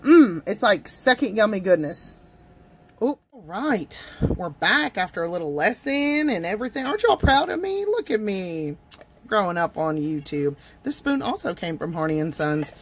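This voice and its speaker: A woman's voice: fairly low pitch, very animated, normal speed, a little hiss or hum. A woman chatting casually at her home desk in a tea review vlog, gushing and talking straight to her viewers. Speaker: tea vlogger.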